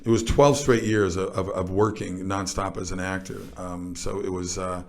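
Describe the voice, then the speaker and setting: A middle-aged man, an actor, telling stories in a relaxed interview with small restarts along the way. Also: sits low, normal speed. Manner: animated storyteller with small restarts. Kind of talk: storytelling in a casual interview.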